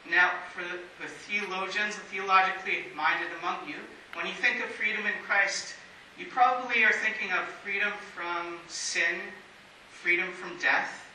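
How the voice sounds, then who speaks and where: Man, pastor, measured sermon delivery, sharp voice, distant mic, strongly echoing sanctuary, faint hiss. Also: high-pitched, fairly even intonation. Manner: measured preaching with emphatic pauses. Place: church sanctuary.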